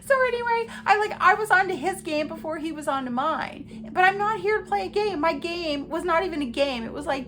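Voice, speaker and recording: A woman hosting a podcast, telling a personal story in an animated, emphatic way and talking straight to her listeners. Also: very high voice, moderate pace, few pauses, music in the background. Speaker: podcast host.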